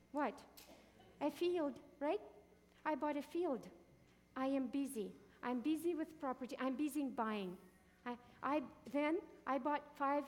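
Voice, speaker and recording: A woman's voice: high-pitched, in a large hall. A woman teaching a Bible passage in a sermon, often asking the listeners questions and answering them herself.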